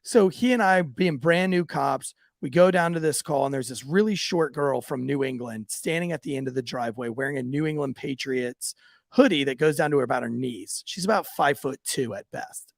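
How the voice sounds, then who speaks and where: A man, a former police officer, co-hosting a podcast and telling profane, animated stories in casual chat. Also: mid-range voice, fairly quick, vocal fry, no room sound, clean studio sound.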